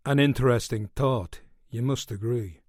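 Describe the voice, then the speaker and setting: A man voicing a big, hard ex-convict who talks calmly and drily. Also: medium pitch, normal speed, dry recording, clean studio sound, natural voice. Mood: dry.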